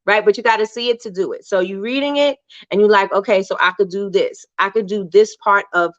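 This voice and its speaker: A woman's voice: mid-range voice, fairly quick, a bit bright, dry recording, lo-fi sound. A woman hosting a casual motivational livestream, chatty and encouraging, often asking "right?" and reading out viewer comments. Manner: reads viewer comments aloud. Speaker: livestream host.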